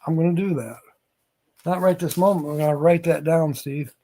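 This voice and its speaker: A man hosting a live stream, chatting casually with viewers in a slow, rambling way and chuckling between lines. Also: on the high side, fairly even intonation, dark tone.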